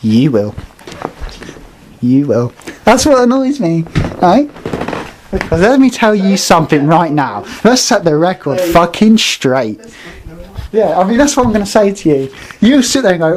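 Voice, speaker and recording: A man's voice: sits high, very animated, moderate pace, darkish tone, slight background noise. A man ranting heatedly and swearing as he co-hosts a wrestling chat. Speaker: wrestling podcast co-host.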